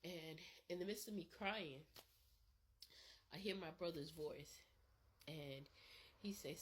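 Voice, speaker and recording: Grieving woman, halting and tearful. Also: lowish voice, a bit bright, slight background noise. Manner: halting, repeats words, many fillers. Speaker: vlogger. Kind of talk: grieving personal vlog.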